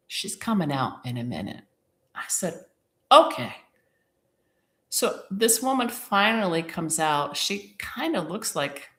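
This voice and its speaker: Bright-toned woman telling a personal story. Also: fairly low pitch, echoey room. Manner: emotional, animated retelling with quoted dialogue. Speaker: podcast host.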